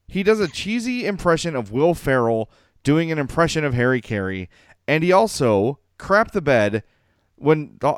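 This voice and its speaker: A man's voice: fairly high pitch, smooth, no echo, studio quality. A man co-hosting a podcast in casual chat, rambling and self-deprecating, often laughing. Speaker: podcast co-host.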